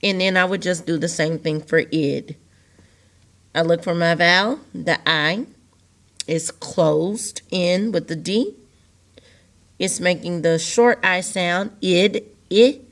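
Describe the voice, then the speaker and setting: A woman's voice: lowish voice, takes it slowly, long pauses, fairly bright tone. A woman teacher walking young students through a recorded video lesson, repeating key words patiently and stressing them in a sing-song way.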